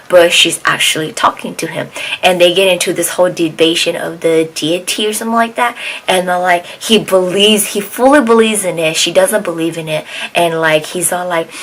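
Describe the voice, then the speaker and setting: A woman's voice: on the low side, fairly bright tone, poor audio. A woman retelling a drama plot in a casual, rambling way, full of fillers, restarts and acted-out lines. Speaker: drama reviewer.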